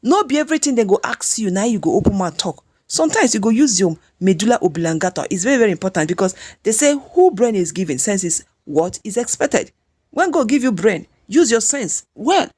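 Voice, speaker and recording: A Nigerian woman doing chatty celebrity gossip commentary, scolding and lively, slipping in and out of Pidgin. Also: mid-range voice, brisk, husky.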